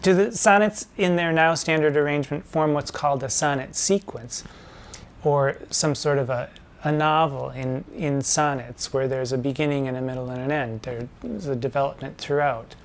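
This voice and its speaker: A man hosting a lesson and explaining things in a measured, didactic way, slowing down to spell out patterns. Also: on the high side, fairly even intonation, slight background noise. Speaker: drag performer hosting a poetry lesson.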